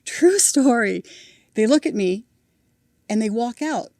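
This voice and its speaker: A middle-aged woman, a podcast guest telling lively family stories and acting out the people in them. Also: a little high, takes it slowly, no echo. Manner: animated storyteller, acting out voices with laughter. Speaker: podcast guest, mother of a cancer patient. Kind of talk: storytelling in an interview.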